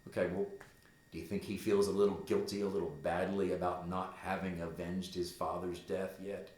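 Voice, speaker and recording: A man's voice: low-pitched, little pitch movement, moderate pace, darkish tone. A man teaching a class, reading a play aloud and explaining it in a conversational way. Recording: roomy echo.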